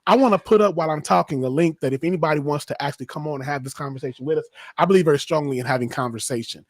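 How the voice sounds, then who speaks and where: Passionate man with a gravelly, husky voice. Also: fairly high pitch, rapid-fire, dry recording, studio quality. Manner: impassioned, emphatic. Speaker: podcast host. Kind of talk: casual podcast discussion.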